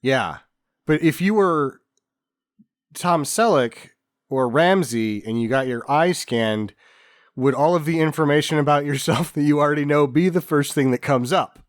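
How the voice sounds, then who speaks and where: A man's voice: fairly high pitch, moderate pace, no room sound. Sardonic man with a dry, close sound. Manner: sardonic, profane, wry jokes. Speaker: podcast co-host. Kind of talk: casual movie-review chat.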